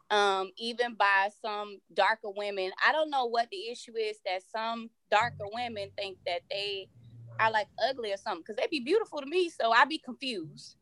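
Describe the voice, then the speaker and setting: A woman co-hosting a talk show, chatting casually with emphatic, profane, halting speech. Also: mid-range voice, a bit bright, dry recording. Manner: emphatic, profane, restarts mid-sentence. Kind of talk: casual chat.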